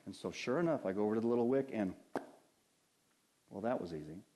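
A pastor preaching a sermon in a conversational way, mixing scripture with homely stories and rhetorical questions. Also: male voice, fairly low pitch, lively intonation, fast talker, warm tone.

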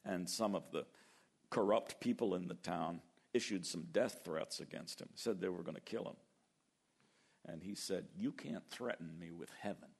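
A man preaching a sermon, animated, acting out biblical voices and slowing down to stress key words. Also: low voice, gravelly, slightly rough. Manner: animated, acts out biblical voices, slows for emphasis. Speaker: pastor.

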